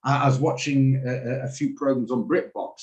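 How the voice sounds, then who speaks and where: A man's voice: medium pitch, a little fast, a little mellow, low-quality recording. A man teaching a live online trading class over a video call, chatty and rambling, often laughing as he explains. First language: English. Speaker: trading coach.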